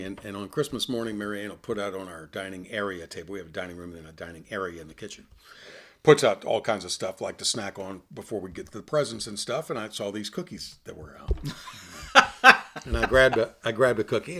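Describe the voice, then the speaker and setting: A man's voice: lowish voice, fairly bright tone. A man co-hosting a podcast in casual chat, wry and easygoing with dry jokes. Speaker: podcast co-host.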